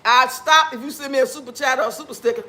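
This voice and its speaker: A man's voice: very high voice, quick pace, bright, forceful tone. A man hosting a casual livestream while eating, talking with food in his mouth and trading blunt, sassy trash talk with his chat viewers. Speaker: livestream host.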